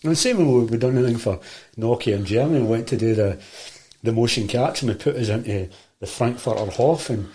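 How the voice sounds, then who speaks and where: A middle-aged Glaswegian man spins a long, rambling anecdote in a relaxed interview. He keeps circling back with restarts and acts out what everyone said, all at an ordinary middle pitch. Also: fast talker, slight background noise. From Scotland. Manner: rambling, animated storytelling with many restarts and quoted dialogue. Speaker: guest, martial arts teacher. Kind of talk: casual storytelling.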